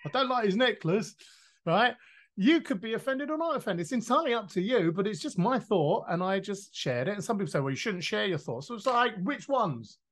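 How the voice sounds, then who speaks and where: A man, a podcast guest explaining his ideas in a lively, casual way, acting out quoted voices and swearing now and then. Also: high voice, fairly quick, few pauses. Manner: animated, swears freely, acts out quoted voices.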